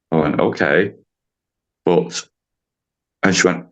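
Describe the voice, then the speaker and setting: A man, a podcast guest and driving instructor telling a story in a lively, casual way, acting out what people said and laughing often. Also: on the low side, a little slow, long pauses. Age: 50s. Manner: animated storyteller, acts out quotes, laughs often.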